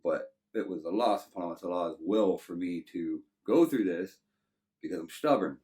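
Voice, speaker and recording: A man's voice: low voice, expressive, normal speed, dark tone, recorded from a distance. A man in his thirties with a Texan accent, telling his life story to an interviewer in a loose, rambling way full of "you know". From Texas. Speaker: guest.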